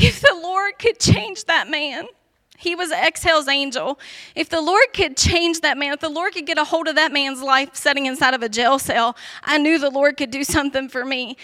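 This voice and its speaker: Woman, high voice, personal testimony, earnest and emphatic, dry close sound. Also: pushed and bright, no echo. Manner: earnest, emphatic storytelling with frequent "like" and laughs.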